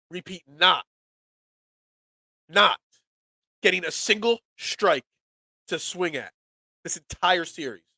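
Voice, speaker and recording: A fairly high, bright-voiced man with a stuffed-up nose, sounding nasal from a cold. He hosts a sports talk show in an excitable, rambling way, often doubling up his words. The recording is close and dry. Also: no echo. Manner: animated, excitable, repeats words. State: congested from a cold. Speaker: sports podcast host.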